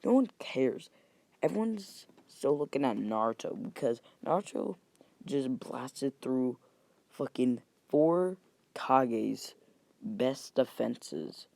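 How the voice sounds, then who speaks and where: A young man rambles through a homemade story, cursing often and backtracking mid-sentence. His voice is gravelly and dark, set close in a dry, dead space. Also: medium pitch, lively intonation, slow pace, no echo. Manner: rambling, profane, self-correcting. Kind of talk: casual retelling of a fan story.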